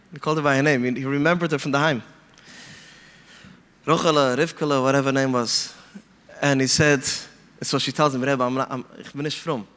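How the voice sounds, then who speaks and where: A man telling stories in an animated way, mixing in Yiddish phrases and acting out the people he quotes. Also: on the high side, big-room sound. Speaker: podcast guest speaker. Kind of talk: storytelling talk.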